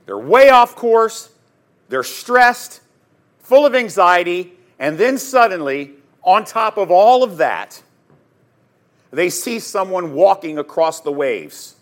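High-voiced, dramatic male Bible teacher. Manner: dramatic, emphatic storytelling with sudden swings between loud and hushed; addresses listeners directly with questions.

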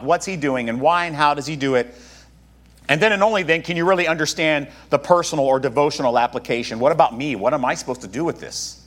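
A man pastor preaching a sermon, talking to his congregation in a conversational way with joking asides. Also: medium pitch.

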